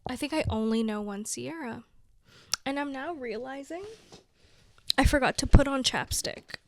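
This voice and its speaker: A young Brazilian woman vlogger chats casually to her viewers at a normal speed, her voice sitting high with no echo. She's giggly and playful, often slipping into a whisper.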